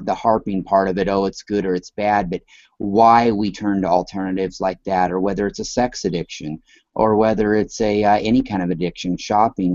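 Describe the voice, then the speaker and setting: A man with a very low voice talks loosely and at length as a talk show co-host, dropping the odd swear word. The recording sounds dull and dry, like a lo-fi home setup. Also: darkish tone, no room sound. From American West Coast. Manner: rambling, loose, swears casually. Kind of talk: casual chat.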